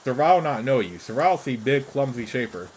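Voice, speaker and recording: A shrewd male creature who trades gossip for food talks in short, broken phrases, as a man reads him out. The voice sits at a middle pitch. Light background noise runs underneath. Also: animated, brisk, darkish tone, lightly acted, low-quality recording. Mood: matter-of-fact. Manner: broken, clipped pidgin speech.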